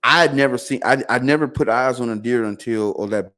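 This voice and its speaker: A man's voice: medium pitch, a little fast. A man guest on a podcast telling a long story in loose casual speech, acting out what his family said. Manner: animated, acts out quotes of family.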